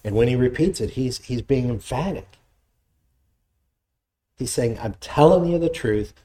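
A man's voice: mid-range voice, lively intonation, measured pace, dark tone. A middle-aged male pastor preaching a sermon, reading scripture aloud and explaining it with conversational asides.

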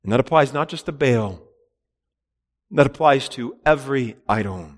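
A man's voice: medium pitch, expressive, moderate pace, in a large hall. A man preaching a sermon in an earnest, emphatic way, with repeated phrases and rhetorical questions. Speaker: pastor.

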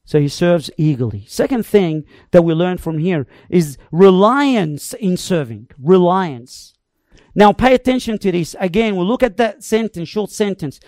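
Slow, animated preacher with dramatic swings. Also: mid-range voice, no room sound, studio quality. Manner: emphatic, dramatic, varies loudness and tempo. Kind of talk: sermon.

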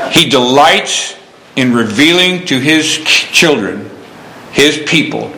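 A man preaching a folksy sermon, quoting scripture between homespun stories. His voice sits a little high and comes across bright and forceful. The room around him rings with echo. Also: slight background noise. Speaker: pastor.

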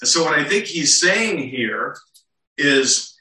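A male pastor delivers an expository sermon, pausing on rhetorical questions and voicing the scripture quotes. His tone is sharp and very bright. He stands some way from the microphone, and the church around him rings with echo. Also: a little high, animated. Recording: echoey room, mic at a distance.

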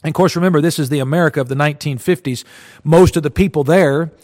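A man delivers a sermon in a fairly high voice, telling a story with earnest conviction. His words ring out in a sanctuary with a long, lingering reverb. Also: quick pace, darkish tone. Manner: earnest, retells a story with quoted speech. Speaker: preacher.

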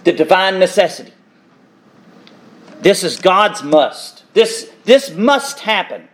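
Male preacher with a high voice, delivering an impassioned sermon with dramatic swings in volume. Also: lively intonation, takes it slowly. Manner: impassioned, emphatic, swings between loud and hushed.

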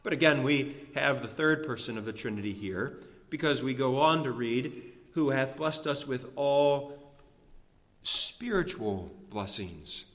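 A man preaching a sermon to his congregation, measured and emphatic, slowing down to stress key phrases. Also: medium pitch, animated, fairly bright tone. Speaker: pastor. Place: church sanctuary. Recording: long reverb of a church hall.

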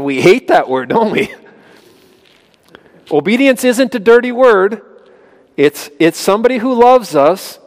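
A man's voice: medium pitch, a little mellow. A man preaching a sermon to children in an emphatic way, often putting questions to them. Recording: long reverb of a large hall.

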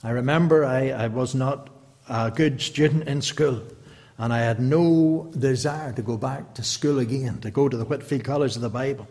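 A man's voice: medium pitch, moderate pace, darkish tone. Impassioned preacher man, long hall reverb. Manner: impassioned, pleading rhetorical questions. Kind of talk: evangelistic sermon.

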